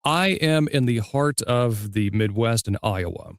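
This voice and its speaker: An easygoing male podcast host with a faint Southern US accent, speaking at a middling pitch. He tells stories and asks his questions in a measured, relaxed way. The sound is dry and close, with no room around it. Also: no echo. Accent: slight Southern US. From Southern United States. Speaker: podcast host and audiobook narrator. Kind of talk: casual interview chat.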